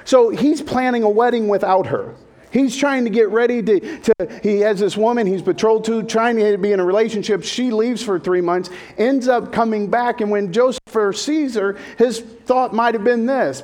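A man with a high, light voice preaching a lighthearted sermon. He talks casually and jokes, and keeps turning to the congregation with questions to pull them in. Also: moderate pace, darkish tone. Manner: jokey and conversational, addresses the congregation. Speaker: pastor. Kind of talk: humorous sermon.

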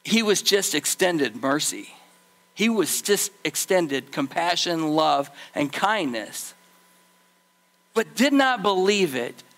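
A man preaching a sermon as pastor, animated, acting out the people in his story. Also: high-pitched.

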